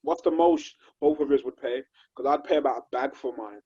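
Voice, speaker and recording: A man's voice: mid-range voice, huge pitch swings, fairly quick, gravelly, warm tone, breathy edge, muffled recording. A man hosting a casual chat, bantering and swearing freely. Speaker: host. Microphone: video call.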